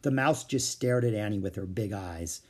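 A man's voice: lowish voice, moderate pace. A man reading a children's chapter book aloud, changing voices for the characters. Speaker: storyteller.

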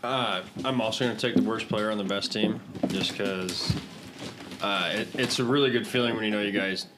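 A man's voice: lowish voice, moderate pace. A man chatting casually as a guest, hesitant with frequent uhs. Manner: hesitant, lots of uh. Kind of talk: casual chat. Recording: loud background noise.

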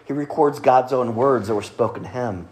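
A man preaching a sermon at a moderate pitch, earnest and conversational. He often stumbles into his words and restarts them, and he leans into his key points. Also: moderate pace. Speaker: pastor.

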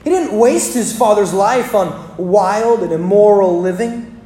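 Preacher with emphatic pauses. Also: medium pitch, expressive, dark tone, roomy sound. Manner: dramatic pauses, emphatic repetition. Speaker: pastor. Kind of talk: sermon. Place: church.

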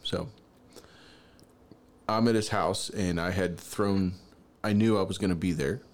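A man co-hosting a casual podcast chat, telling a story in an animated way and raising his voice high when he acts out his younger self. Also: unhurried. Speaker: podcast co-host.

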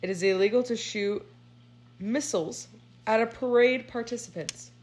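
A woman's voice: fairly high pitch, normal speed, noisy background. A woman co-hosting a podcast, reading items aloud in a casual chat and laughing along with her co-hosts. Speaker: podcast co-host presenting the segment.

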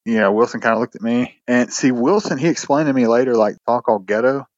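A man's voice: mid-range voice, fairly quick, no echo. A man tells a story on a podcast, rambling and cursing through false starts. His voice sits in a middle range and sounds dry and close, with no room around it. The line is a bit dull and lo-fi. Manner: rambling, swears often, many restarts. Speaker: podcast co-host. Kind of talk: casual storytelling chat.

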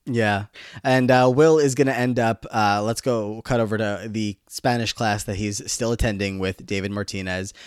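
Low-voiced man recapping casually. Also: moderate pace, clean tone, no echo, studio quality. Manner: relaxed, filler-heavy storytelling. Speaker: podcast co-host.

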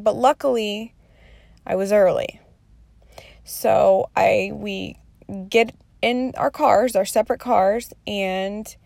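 Tearful, swearing woman with a gravelly voice. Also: mid-range voice, darkish tone, no echo. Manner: rambling, emotional, swears a lot. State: near tears. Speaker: vlogger. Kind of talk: candid storytelling.

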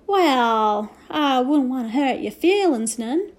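A woman's voice: high voice, lively intonation, slow pace. A woman voicing a grumpy, ever-hungry tiny cowboy man with a rustic, ungrammatical drawl in a storybook reading. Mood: earnest.

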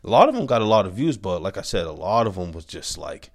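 Deep-voiced man on a profane rant. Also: big pitch swings, quick pace, gravelly. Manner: blunt, heated, repetitive with restarts and "man".

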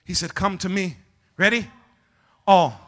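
A male pastor preaching in a church, calling on the congregation to shout back, dropping Spanish words into his talk, and swinging between loud shouting and hushed, low passages. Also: a little slow. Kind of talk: call-and-response preaching. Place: church sanctuary.

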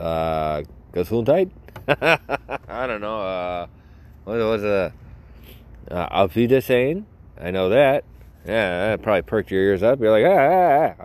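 Outdoors, a young man hosts a podcast by himself, rambling and cracking jokes at his own expense in casual chat. His voice is low and a little mellow.

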